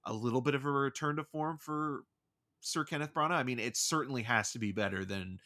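A man's voice: mid-range voice, brisk, pushed and bright. A man co-hosting a casual film podcast, rambling and hedging with frequent "like" and "I mean". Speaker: podcast co-host discussing films.

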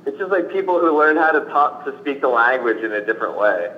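A man's voice: mid-range voice, lively intonation, quick pace, muffled recording. Laid-back co-host man, faint hiss. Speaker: podcast co-host. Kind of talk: casual chat.

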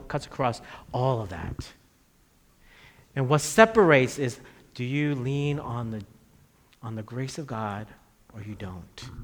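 A man in his thirties preaching a sermon in a conversational way, dropping his voice low on key phrases. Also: a bit bright. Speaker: pastor. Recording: long reverb of a church hall.

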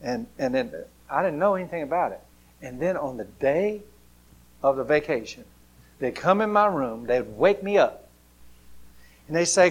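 A man's voice: fairly high pitch, lively intonation, moderate pace, pauses often, highs cut off. Man preaching a sermon. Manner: storytelling, swings from loud to hushed, acts out voices.

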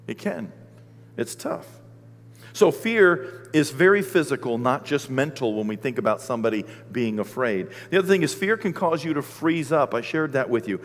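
A man preaching a sermon, telling stories with lively energy and shouting out the lines he acts out. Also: medium pitch. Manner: animated storytelling, shouting acted-out quotes. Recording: long hall reverb.

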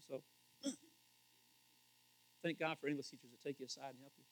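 A man preaching a casual, conversational sermon as pastor, animated and questioning his listeners. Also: medium pitch, a little fast, low-quality recording. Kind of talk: casual sermon, Bible teaching.

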